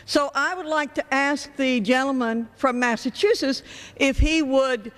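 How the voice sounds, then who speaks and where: A woman's voice: high voice, steady tone, a little slow, a bit bright. A congresswoman making a pointed, polite objection on the floor of a large legislative chamber. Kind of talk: floor debate speech. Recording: long reverb of a large chamber.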